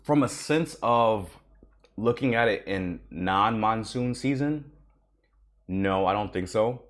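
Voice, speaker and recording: A man hosting a casual travel vlog, with a stuffed-up, congested voice, talking in a relaxed, rambling way. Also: lowish voice, slow. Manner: laid-back, rambling, repeats himself. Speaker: travel vlogger, host.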